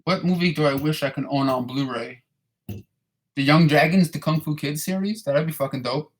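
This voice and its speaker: A man's voice: on the high side, normal speed. Profane, rambling man in his thirties. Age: 30s. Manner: rambling, profane, repeats and restarts words. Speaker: vlogger answering viewer questions. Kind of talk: casual chat.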